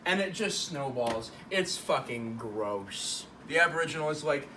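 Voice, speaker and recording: A man's voice: medium pitch, animated, moderate pace, hardly any pauses, sharp tone, a little hiss or hum. A man drunkenly retelling a play, rambling and profane, acting out each character in turn. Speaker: drunk storyteller.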